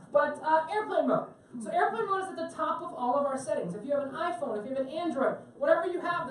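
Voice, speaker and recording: A woman's voice: fairly high pitch, a little hiss or hum. A woman teaching a tech class to a live audience on a cruise ship, chatty and joking and asking the room questions. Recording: very echoey room, mic at a distance.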